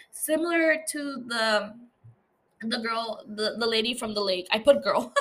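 A woman with a bright, forceful voice talks through an episode recap in a loose, chatty way. She laughs often and leans on fillers as she tells the story. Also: on the high side. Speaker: podcast host recapping a series.

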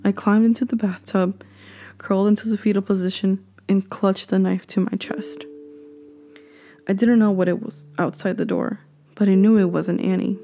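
Woman storyteller, gravelly fry, flat even delivery, slow hushed reading, faint guitar underneath. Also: medium pitch. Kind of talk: reading a horror story aloud.

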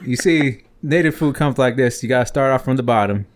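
A man's voice: mid-range voice, a little fast. A man co-hosting a casual podcast, asking questions and laughing often. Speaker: podcast co-host. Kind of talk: casual chat.

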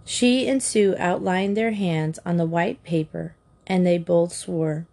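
A woman narrating a children's storybook aloud in a measured, expressive way. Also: lowish voice, creaky. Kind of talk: audiobook narration.

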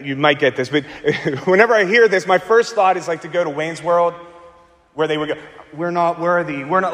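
A man preaching a sermon as pastor, slowing and repeating words for emphasis, with dramatic pauses. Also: on the high side, a bit bright, big-room sound.

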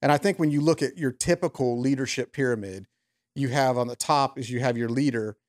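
A man's voice: medium pitch, brisk. A man speaking earnestly as a guest in a casual conversation.

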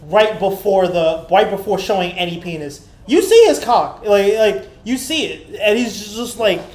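A man's voice: high voice, lively intonation, moderate pace, darkish tone, roomy sound. A man co-hosting a podcast, chatting casually and telling a rambling, profane story, acting out the people he quotes. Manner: rambling storytelling, swearing, acts out quoted voices. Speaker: podcast co-host. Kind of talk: casual chat.

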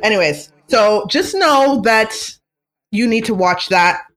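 Vlogger, casual fan chat, excitable, rambling, gushing, mid-pitched voice. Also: takes it slowly.

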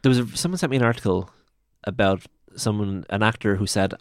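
Man, podcast co-host, quick joking film chat, dry close sound. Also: on the low side, no room sound. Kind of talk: casual film review chat.

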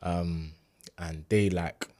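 A man's voice: deep voice, very slow. A young man in his twenties, a university student telling a faith testimony in a loose, slangy storytelling chat full of fillers. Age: 20s. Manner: relaxed street slang, lots of fillers, animated when retelling.

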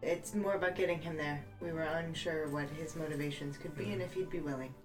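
A woman's voice: low-pitched, fairly even intonation, a little fast. A woman player chatting casually at a tabletop game. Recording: distant mic with music.

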